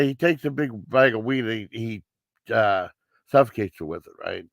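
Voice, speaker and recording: Gravelly-voiced man, rambling movie review. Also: mid-range voice, normal speed, no echo. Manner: rambling, with many fillers and restarts. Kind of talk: casual live movie review.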